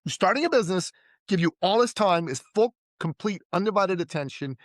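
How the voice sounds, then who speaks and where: A man's voice: sits high, lively intonation, fairly quick, no room sound. A man from Iran, a podcast guest and entrepreneur, telling stories in casual interview talk. He acts out the people he quotes and often says "like" and "right?".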